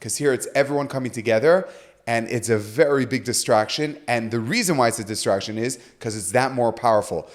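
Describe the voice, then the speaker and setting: Brief: man, mid-pitched, a rabbi telling stories on a podcast, animated, slips into quoted voices. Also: a little fast. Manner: lively storyteller, acts out quoted voices. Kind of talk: animated storytelling in conversation.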